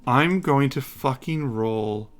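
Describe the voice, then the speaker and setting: A man's voice: medium pitch, slow pace. Swearing male game master. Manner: exasperated, swearing, joking. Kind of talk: running a tabletop game on a livestream.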